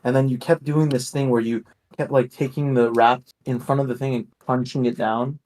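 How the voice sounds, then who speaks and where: A man's voice: mid-range voice, steady tone, moderate pace, darkish tone. A man speaking as a guest co-host, easygoing and matter-of-fact in casual chat.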